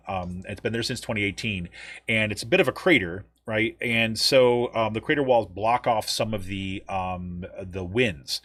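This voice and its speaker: A man's voice: fairly low pitch, brisk, a bit bright, dry recording. An American man co-hosting a podcast, chatting casually about news with lots of ums and restarts. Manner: rambling, many ums and restarts. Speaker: podcast co-host.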